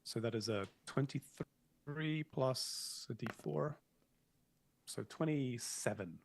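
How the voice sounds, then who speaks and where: A man's voice: medium pitch, takes it slowly, vocal fry, slight background noise. A man playing a tabletop game, joking and speaking his character's actions theatrically. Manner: jokey, theatrical. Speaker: player. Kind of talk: tabletop role-play chat.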